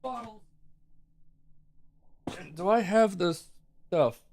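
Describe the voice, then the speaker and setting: A man's voice: high-pitched, very slow, darkish tone. A man streaming a game, rambling and correcting himself as he comments casually. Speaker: gaming streamer.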